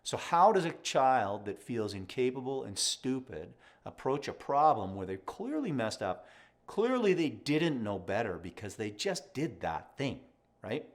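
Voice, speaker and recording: Animated man coaching in lively talk. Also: medium pitch, a little slow. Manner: animated, conversational, frequent "right?" asides, acts out parent and child voices. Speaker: mindset coach. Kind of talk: reaction commentary.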